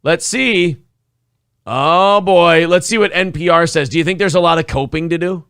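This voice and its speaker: A man's voice: fairly high pitch, normal speed, gravelly, fairly bright tone, clear, resonant tone, no room sound, studio quality. Sarcastic, profane male show host. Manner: sarcastic, profane, mock-outraged. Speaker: podcast co-host. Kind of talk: casual chat.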